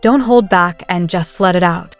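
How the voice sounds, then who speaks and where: A woman's voice: lowish voice, normal speed, no echo, faint music behind, lightly acted. A woman reading as a blunt young duke. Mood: matter-of-fact.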